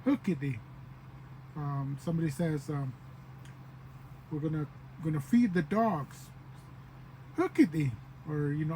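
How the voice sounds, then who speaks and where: Slow-speaking man teaching word by word. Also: fairly high pitch, expressive, mellow, a little hiss or hum, poor audio. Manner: repeats words slowly, acts out example phrases. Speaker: language teacher. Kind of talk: casual language lesson.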